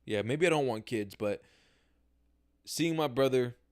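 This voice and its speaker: A man's voice: mid-range voice, measured pace, darkish tone. Candid, profane young man talking to camera. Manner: candid, profane, slangy, acts out his own reactions. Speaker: podcast host. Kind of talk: casual solo livestream monologue. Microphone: camera mic, talking to camera.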